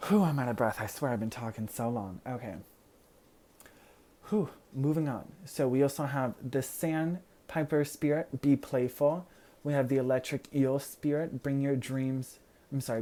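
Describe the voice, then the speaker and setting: This tarot reader has a mid-range, dark-toned voice and addresses the viewer directly with a sincere, comforting pick-a-card reading. The talk is sprinkled with "you know," and the reader sometimes loses a word, then chuckles at the stumble.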